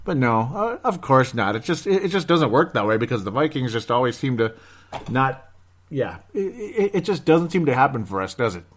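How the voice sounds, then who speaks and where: A man's voice: medium pitch, big pitch swings, moderate pace. A man hosting a sports podcast, rambling through results with sarcasm and mock despair. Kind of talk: casual sports commentary.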